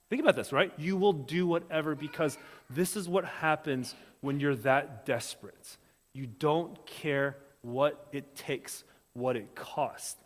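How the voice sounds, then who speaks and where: A man preaching a sermon as pastor, lively and animated, acting out the voices of the people in his story. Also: fairly high pitch, a little slow, big-room sound.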